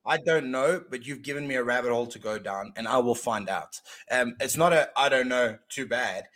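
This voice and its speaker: A man's voice: mid-range voice, a little fast. A man co-hosting a podcast, steadily explaining and quoting scripture in casual talk. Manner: steady, explanatory, quotes verses. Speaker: podcast co-host.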